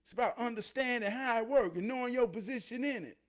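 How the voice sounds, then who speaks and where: A man with a notably high voice delivers a motivational monologue. He preaches through stories, swinging from raised, emphatic passages to low, murmured asides. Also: fast. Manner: preachy, storytelling, swings from loud to near-murmur. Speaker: motivational speaker.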